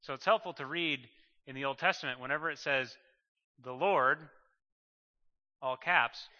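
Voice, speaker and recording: A man's voice: mid-range voice, moderate pace, bright, forceful tone. A man preaching a sermon in an emphatic way, repeating phrases and building to fervent bursts. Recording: muffled sound with long hall reverb.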